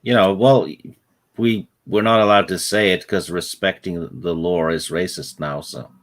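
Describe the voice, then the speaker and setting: A man with a very low, deep voice joining a casual chat show. He adds short, dry, wry remarks to the conversation. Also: steady tone, unhurried. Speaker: podcast co-host.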